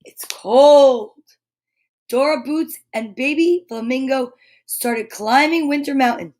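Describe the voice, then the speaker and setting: A woman reading a children's picture book aloud, animated and chatty, breaking off for little asides to her listeners. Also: sits high, takes it slowly.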